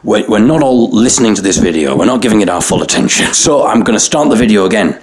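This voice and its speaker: A man's voice: on the low side, lively intonation, quick pace, lightly acted. A man doing a prim, scolding flight attendant. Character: bossy female flight attendant on the intercom.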